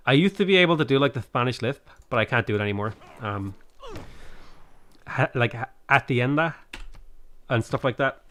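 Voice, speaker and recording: A male streamer with a tired voice at mid pitch, chatting loosely as he plays. He jokes around, reads chat aloud and hums little tunes between moves. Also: fairly bright tone. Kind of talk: casual livestream chat while gaming.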